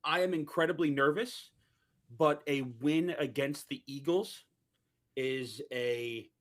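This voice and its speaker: A man talking sports in casual chat, earnest and measured about his team. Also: on the high side, a bit bright. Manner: measured, earnest fan analysis.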